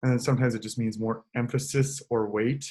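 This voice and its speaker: A man, a choir director, giving an online choral lesson in a relaxed, explanatory way, now and then singing short examples into a computer mic. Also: medium pitch, a little fast.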